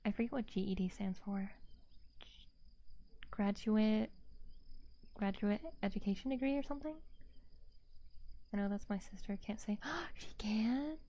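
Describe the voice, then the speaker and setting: A woman streamer in a soft-spoken ASMR chat, playful and giggly, slipping into whispers as she reads her chat aloud, on a binaural mic. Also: mid-range voice, steady tone, moderate pace, pauses often, dull audio. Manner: drifts into whispers.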